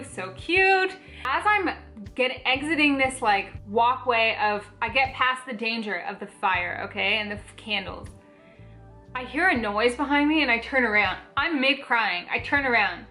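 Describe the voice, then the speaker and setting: A young woman vlogging, telling a personal story to camera in a chatty, animated way, full of "like" fillers. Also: high-pitched, moderate pace, faint music behind.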